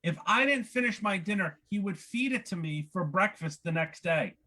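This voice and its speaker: A husky male comic with a fairly high voice that swings widely in pitch. He delivers a brash, profane stand-up set in a small club in front of a live audience. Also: animated, moderate pace, bright, forceful tone. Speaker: stand-up comedian. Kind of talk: stand-up set at an open mic.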